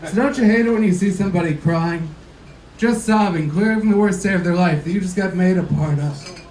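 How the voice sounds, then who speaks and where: A nineteen-year-old man from Ohio doing a stand-up set of dark deadpan one-liners, out of breath. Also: sits high, fairly quick. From Ohio, Cincinnati area. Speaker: young stand-up comedian. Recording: roomy comedy club from far off. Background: crowd noise.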